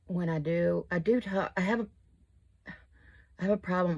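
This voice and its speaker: A woman's voice: on the low side, steady tone, normal speed, creaky, pauses often, a little mellow. A woman, chatting casually and rambling while she does her makeup at home. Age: 50s. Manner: rambling, chatty, self-deprecating. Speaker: crochet and makeup vlogger. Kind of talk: casual chat while getting ready.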